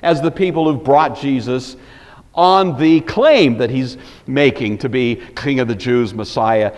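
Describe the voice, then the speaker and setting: A man's voice: mid-range voice, a little slow, a little mellow, long reverb tail. A man teaching a lesson on a Bible passage in a conversational way, with frequent asides as he thinks aloud.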